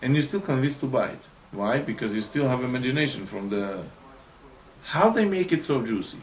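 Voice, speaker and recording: A man's voice: mid-range voice, slight background noise. Emphatic man teaching a religious class. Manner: emphatic, often asks the listeners questions. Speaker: Torah teacher.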